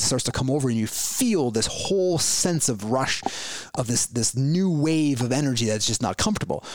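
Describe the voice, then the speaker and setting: A man's voice: medium pitch, dry recording. A man hosting a solo podcast, giving a reflective spiritual talk full of rhetorical questions and restarts. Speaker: podcast host.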